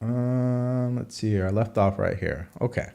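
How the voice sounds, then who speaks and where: A man's voice: lowish voice, measured pace, vocal fry, dark tone. A man hosting a live political commentary show, arguing his points with repeated rhetorical questions.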